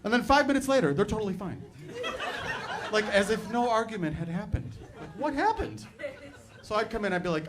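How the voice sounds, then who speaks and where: A middle-aged man doing a stand-up comedy set on a club stage, telling stories in a chatty, animated way full of "like" and "right". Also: high-pitched, a little fast, crowd noise. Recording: live club recording, background noise.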